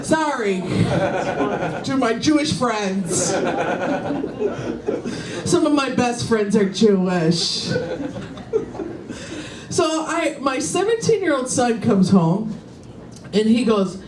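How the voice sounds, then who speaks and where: Woman comic, forties, brash and bawdy, lively swooping delivery, unhurried, echoey lounge, audience laughing. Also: a little high. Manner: brash, bawdy, chatty storytelling. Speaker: stand-up comedian. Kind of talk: stand-up set. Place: hotel lounge comedy club. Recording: roomy live room, distant mic, audience.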